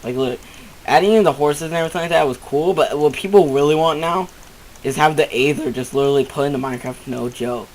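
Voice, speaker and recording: A man giving casual let's-play commentary from home, excitable, rambling and easily startled. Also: a little high, quick pace, a little hiss or hum, rough recording. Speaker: gamer.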